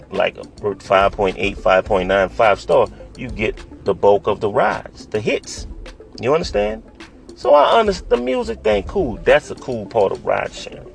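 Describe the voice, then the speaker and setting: A man's voice: on the high side, vocal fry. A man, a rideshare driver, lecturing passengers straight to camera and often asking if they understand. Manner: lecturing, scolding, keeps asking "you understand?". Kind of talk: direct-to-camera advice monologue.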